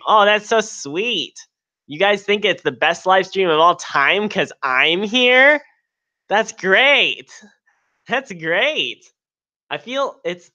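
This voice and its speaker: A man's voice: a little high, bright, forceful tone, lo-fi sound. A man co-hosting a live stream, clowning in a mock-dramatic, self-pitying tone. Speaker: co-host. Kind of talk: joking live stream chat.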